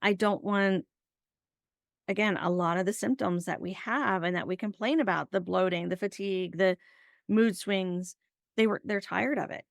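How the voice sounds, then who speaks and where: A woman's voice: mid-range voice, steady tone, moderate pace, gravelly, no room sound, studio quality. A woman hosting a casual podcast interview, telling personal stories and acting out past conversations in a chatty way. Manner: chatty storyteller who acts out past conversations. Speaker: podcast host.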